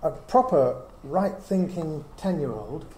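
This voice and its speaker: At a slow, expressive pace, a middle-aged Bible teacher reasons earnestly through Scripture with a small group, often asking rhetorical questions. His mellow voice sits a little high, and faint hiss and echo fill the room.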